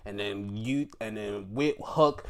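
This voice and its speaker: A man's voice: lowish voice, takes it slowly, a bit bright, no room sound, studio quality. A man giving a casual, slangy wrestling review who acts out quotes and laughs often.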